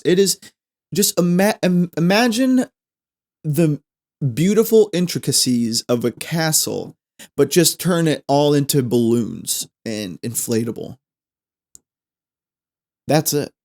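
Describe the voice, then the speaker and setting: A man's voice: medium pitch, a little mellow. A male podcast host spins a comic tale in an ordinary mid-range voice. He rambles, stumbles over words and restarts them, and throws in jokey asides. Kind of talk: comedic storytelling.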